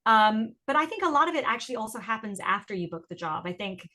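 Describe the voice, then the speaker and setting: A woman in her thirties speaks with a British accent blurred by years of American speech. Her voice is bright and forceful, and her answers come chatty and bubbly. She sounds like a guest at ease in a relaxed interview. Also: fairly high pitch, quick pace. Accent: mixed British and American. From England. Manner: bubbly, laughs often, chatty. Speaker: actress guest.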